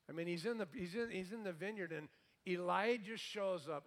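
A male pastor preaching a sermon, lively and playful, with comic asides. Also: a little high, moderate pace.

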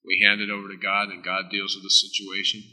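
A male pastor delivers a sermon in a sharp, very bright voice. He swings between loud, emphatic declarations and quiet, intimate asides, and his words trail off into the long reverb of a big hall. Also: low voice, monotone, fairly quick. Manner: emphatic, with sudden drops into soft, intimate asides.

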